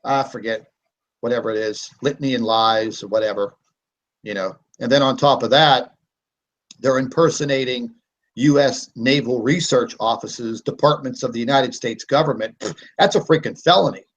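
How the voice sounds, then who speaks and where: A man hosting a live online broadcast, speaking at an everyday middle pitch. He rants defiantly and combatively, with plenty of "uh" and "you know" between his points. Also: normal speed. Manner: defiant, combative rant with frequent fillers. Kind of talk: live online hangout talk.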